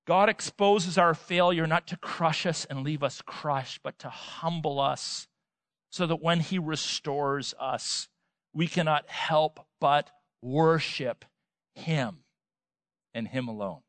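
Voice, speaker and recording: A man preaching a sermon, emphatic, with rhetorical questions and swings between loud and soft. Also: on the high side, slow pace, no echo. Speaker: pastor.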